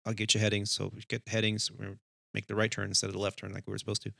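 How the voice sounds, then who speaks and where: A gravelly, lowish-voiced man talks fast as he co-hosts an aviation podcast, telling a cockpit story in casual chat. As an animated storyteller he acts out the dialogue himself. He's an airline pilot, and the recording is dry and clean, studio-grade.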